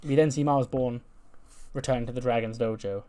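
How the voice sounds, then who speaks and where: A man's voice: medium pitch, fairly even intonation, a little fast, mellow. Chatty man narrating a game. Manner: chatty, with many fillers. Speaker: video game let's play host. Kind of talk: casual let's play narration.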